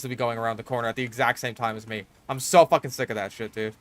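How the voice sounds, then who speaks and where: A man's voice: medium pitch, flat delivery, quick pace, hardly any pauses. A young man giving casual gameplay commentary while he plays, swinging between mutters and frustrated, swearing outbursts. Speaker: gaming streamer.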